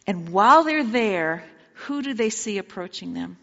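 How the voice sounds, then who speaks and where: A woman's voice: mid-range voice, expressive, a little slow, gravelly, bright, forceful tone, big-room sound, dull audio. A woman preaching a sermon, retelling the story dramatically and asking her listeners direct questions.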